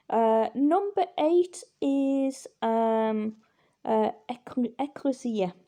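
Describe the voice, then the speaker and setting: A middle-aged woman teaching a recorded lesson, speaking slowly in a warm, mellow voice. She is patient and reassuring and often pauses on little fillers as she walks through each item. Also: medium pitch. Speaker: language teacher.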